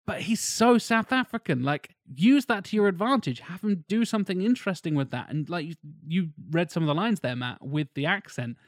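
A man co-hosting a casual film podcast, animated and emphatic, swearing freely. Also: sits high, brisk, hardly any pauses, no echo, clean studio sound. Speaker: podcast co-host.

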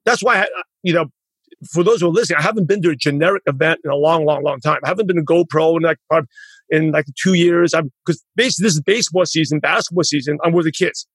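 Podcast host, male, husky and quick, rambling chat. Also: fairly high pitch, a bit bright, no room sound. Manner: rambling, self-correcting, proud father. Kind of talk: casual interview chat.

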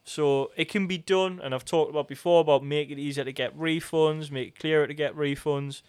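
A man's voice: on the high side, steady tone, fairly quick, a little mellow, clean tone, no echo. A man with a Geordie accent co-hosting a podcast, chatting casually with joking, sweary, rambling banter. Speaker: podcast co-host. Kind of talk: casual chat.

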